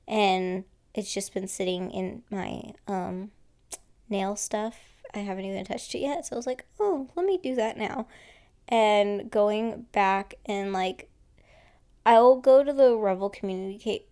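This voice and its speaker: A woman's voice: medium pitch, a little mellow. A woman who has just woken up, narrating her nail art video in a rambling, casual voice-over full of fillers. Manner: rambling, filler-heavy, self-correcting. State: just woke up, yawning.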